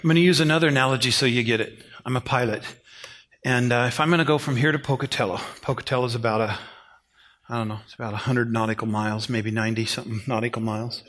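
A middle-aged man preaching a sermon in a folksy, animated storytelling way. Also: medium pitch, fast talker. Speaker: pastor.

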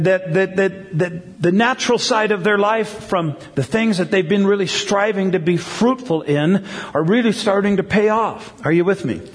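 A middle-aged male pastor giving a conversational sermon, often repeating words and asking the crowd "right?". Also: high-pitched. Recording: long hall reverb.

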